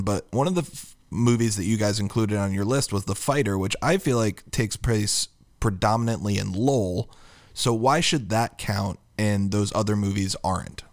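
A man hosting a casual podcast, leading the discussion in a relaxed way and laughing often. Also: fairly low pitch, normal speed, no echo, clean studio sound. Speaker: podcast host.

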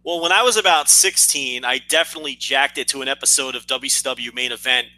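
A man's voice: medium pitch, quick pace, sharp tone, low-quality recording. A man co-hosting a podcast, chatting casually with blunt, crude jokes and stories. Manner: blunt, joking, crude storytelling. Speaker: podcast co-host. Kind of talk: casual chat.

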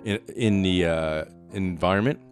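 A man's voice: deep voice, normal speed, faint music behind. A man co-hosting a podcast in casual chat, rambling and profane and laughing often. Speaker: podcast co-host.

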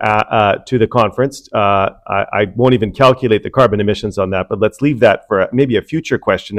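A man's voice: lowish voice, dry recording. A man hosting a local politics podcast, chatting casually and running a playful mock game show, laughing and restarting often. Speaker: podcast host running a council recap.

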